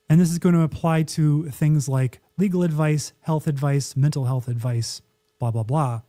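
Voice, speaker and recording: Wry, mellow-voiced man. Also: a little high, measured pace. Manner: wry, opinionated, acts out quotes. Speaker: podcast co-host. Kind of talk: casual podcast chat.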